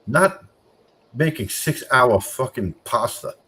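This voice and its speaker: A man in casual banter, loud and mocking, swearing often, whose voice jumps up when he rants. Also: mid-range voice, expressive, takes it slowly. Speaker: streamer reacting to chat.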